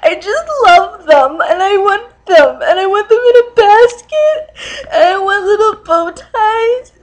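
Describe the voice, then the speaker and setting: A woman's voice: on the high side, slow, rough recording. Woman playing a weepy cat-obsessed young lady. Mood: tearful, gushing. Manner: hesitant, full of ums, breaks into sobbing. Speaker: comedy sketch character. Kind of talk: comedic dating-video monologue.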